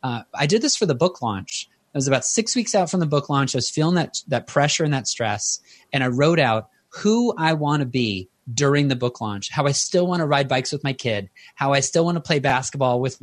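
A man's voice: medium pitch, no echo. Earnest man telling personal stories. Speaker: guest author. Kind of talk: conversational interview storytelling.

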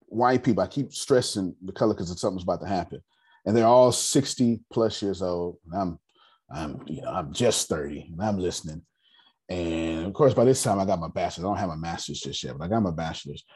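A man's voice: low voice, a little mellow, slightly rough. A man leads a group meeting on personal finance, telling stories emphatically, repeating key phrases and speaking bluntly with humor. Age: 30s. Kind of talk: animated storytelling talk to a group.

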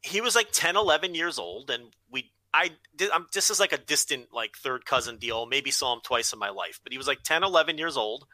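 A man co-hosting a podcast, telling a story with plenty of swearing in a casual, animated way. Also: medium pitch, brisk, few pauses, dry recording, low-quality recording. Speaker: podcast co-host.

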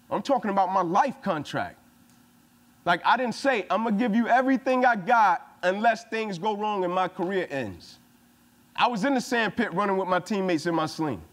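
A man's voice: high-pitched, fairly bright tone. A man giving a punchy, emphatic motivational speech to a football team, repeating his phrases for emphasis. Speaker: motivational speaker.

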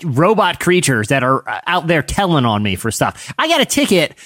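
A man riffs through a comic rant on a podcast, his voice sitting fairly high and swinging up and down a lot. He fills his sentences with "like" and keeps the jokes rolling. The sound is dry and close to the mic. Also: moderate pace, no echo. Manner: animated ranting, heavy use of "like". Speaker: podcast co-host. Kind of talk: casual comedic banter.

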